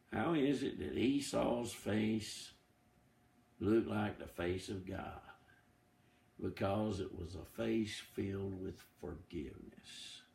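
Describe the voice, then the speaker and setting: A man teaching an informal Bible study, in a chatty, unhurried way with many fillers and restarts, now and then quoting scripture. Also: on the low side, gravelly, a little mellow, reverberant.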